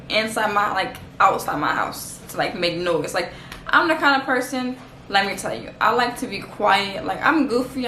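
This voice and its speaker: A woman's voice: mid-range voice, bright, forceful tone, a little hiss or hum. A woman from Los Angeles telling a casual storytime vlog in a chatty, slangy way, saying "like" a lot. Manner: chatty, slangy, heavy use of "like". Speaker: vlogger. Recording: echoey room.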